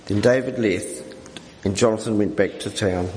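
Guy reading the bible passage at church, steady pace, big roomy hall sound. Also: on the low side, moderate pace. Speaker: scripture reader. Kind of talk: reading scripture aloud in a service. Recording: echoey hall with faint noise.

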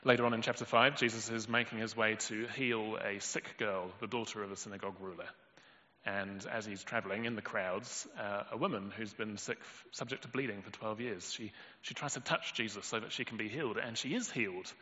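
A man's voice: on the low side, fairly even intonation, brisk, sharp tone. A man preaching a sermon in a storytelling way, acting out quoted lines with sudden lifts in his voice. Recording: dull lo-fi audio in a long-reverb hall.

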